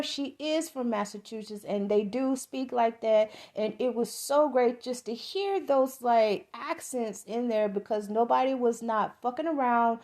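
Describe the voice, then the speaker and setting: A middle-aged woman from the American South with a Southern accent, giving a rambling, profane, enthusiastic movie review as a podcast host. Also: fairly high pitch.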